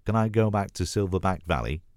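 A man's voice: deep voice, animated, brisk, darkish tone, no echo, clean studio sound, voice pushed up. A man voicing a nervous, guilty male crocodile in a storybook reading. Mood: pleading. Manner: anxious, apologetic.

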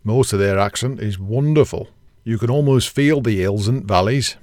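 A man doing a deep, plain Yorkshireman. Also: normal speed, darkish tone, no echo, clean studio sound, natural voice. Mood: proud. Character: plain-spoken proud Yorkshireman.

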